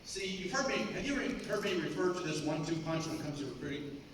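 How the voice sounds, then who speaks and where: Energetic man in an echoey hall. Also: a little high, quick pace, recorded from a distance, noisy background. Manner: energetic, emphatic, repeats key points. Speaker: motivational convention speaker. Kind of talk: motivational stage speech. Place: large convention hall.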